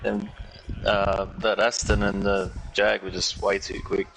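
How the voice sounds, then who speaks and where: A laid-back man, a sim racer, talks through his race in plain, easygoing words. His voice sits on the low side. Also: monotone, unhurried, creaky, fairly bright tone, rough recording. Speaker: sim racing driver. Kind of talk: post-race interview.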